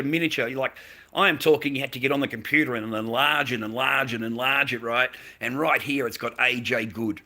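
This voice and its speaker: Australian man, mask maker, casual profane live-stream rant, bright tense tone. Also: mid-range voice. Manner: profane, rambling, laughs often. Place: at home.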